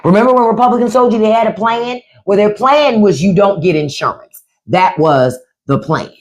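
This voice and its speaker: A middle-aged woman talks politics on her livestream with a lively pitch that swings up and down. She is blunt and profane and keeps slipping into mocking voices of the people she discusses. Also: moderate pace. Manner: animated, blunt and profane, mimicking others. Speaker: livestream host. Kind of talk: casual political commentary livestream.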